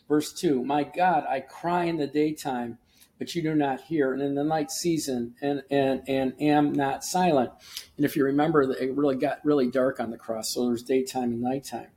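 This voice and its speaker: A man hosts a short devotional podcast as a preacher, teaching earnestly and reading scripture aloud with emphasis, often restarting his sentences. His voice is medium-pitched, slightly mellow, at a moderate pace.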